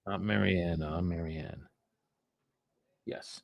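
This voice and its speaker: A man's voice: low-pitched, fairly even intonation, slow pace, vocal fry, no room sound. A man working as a real estate agent, making calls on a live stream and talking offhand asides to his viewers. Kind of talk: live-streamed cold calling with commentary.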